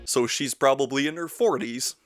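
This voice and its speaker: A man's voice: medium pitch, normal speed, over music. A man narrating a casual, joking movie review in a sardonic tone. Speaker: film reviewer.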